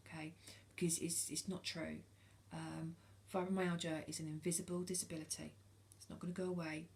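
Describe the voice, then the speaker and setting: A woman's voice: low-pitched, steady tone, moderate pace, darkish tone, slight background noise. A British woman in her forties talking casually to camera, frank and earnest, hesitating often with ums and restarts. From United Kingdom. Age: 40s. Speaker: vlogger.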